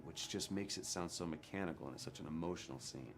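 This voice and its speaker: Very deep-voiced man telling a story. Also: fast talker, few pauses, slight background noise. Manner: candid, animated, acts out quotes. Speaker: actor interviewed in a documentary. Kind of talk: storytelling interview. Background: documentary music.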